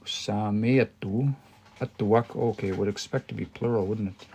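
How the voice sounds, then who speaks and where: A man's voice: fairly low pitch, fairly even intonation, fairly quick, vocal fry, mellow, a little hiss or hum. A man teaching a language on a livestream, thinking aloud and explaining word by word, with many restarts and hesitations.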